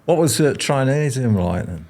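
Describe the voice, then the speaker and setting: A man's voice: mid-range voice, animated, normal speed, a little mellow. A man hosting a casual interview, prompting his guest with short questions and interjections. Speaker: podcast host.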